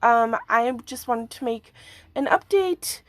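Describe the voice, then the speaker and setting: A hoarse woman with a rambling manner, giving a casual video update on earthquakes. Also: a little high, lively intonation, takes it slowly, fairly bright tone, dry recording. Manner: rambling, frequent fillers and yawns. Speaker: earthquake forecast vlogger.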